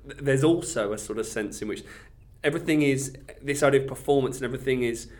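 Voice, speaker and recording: A man's voice: medium pitch, quick pace, a little mellow. A man co-hosting a podcast, thinking aloud about a film in a hesitant way, with many fillers and trailing phrases. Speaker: podcast co-host. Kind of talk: casual film discussion.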